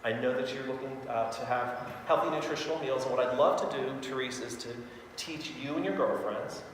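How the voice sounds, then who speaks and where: A man's voice: medium pitch, fairly quick. A man leading a sales training session, upbeat and acting out both sides of phone calls to show how they should sound. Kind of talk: sales training talk with role-played calls. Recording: echoey hall with faint noise.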